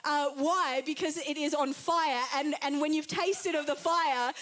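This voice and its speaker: A woman's voice: sits high, fairly even intonation, unhurried, few pauses, fairly bright tone, a little hiss or hum. A young Australian woman preaching an earnest, chatty Pentecostal sermon to a congregation. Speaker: guest preacher.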